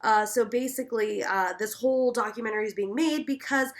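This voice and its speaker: A woman's voice: fairly high pitch, a little fast. A woman co-hosting a podcast, summarizing episodes in casual chat with frequent "uh" and "right?". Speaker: podcast co-host.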